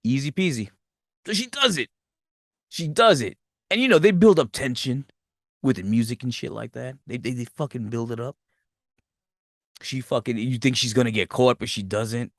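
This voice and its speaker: A man's voice: mid-range voice, expressive, moderate pace, long pauses, dry recording, studio quality. A man hosting a podcast, animatedly telling a movie's plot in a rambling, profane, casual way. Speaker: podcast host.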